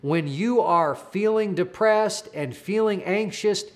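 Male preacher, slightly high voice, earnest storytelling sermon with stumbling repeats. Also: takes it slowly.

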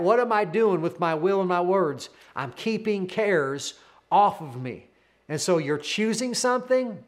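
A man in his thirties preaching a sermon as pastor, earnest, with repeated declarations. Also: sits high.

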